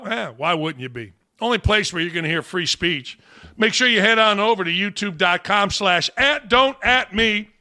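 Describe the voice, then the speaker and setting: A man's voice: high voice, sharp tone. A man hosting a sports talk show, ranting bluntly and scornfully in an exasperated way. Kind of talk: opinionated podcast rant.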